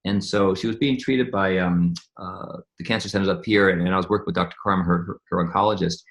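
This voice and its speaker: Male interview guest, scientist type: rapid, gravelly, rambling, with lots of restarts. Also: deep voice, fairly even intonation. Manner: rambling storytelling with frequent restarts and repeated words. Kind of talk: casual conversational interview.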